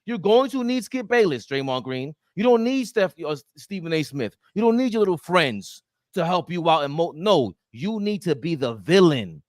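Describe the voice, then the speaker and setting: A man co-hosting a casual sports podcast, talking in slangy, emphatic bursts with loud outbursts. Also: on the high side, very animated, normal speed, no room sound, clean studio sound. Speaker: podcast co-host.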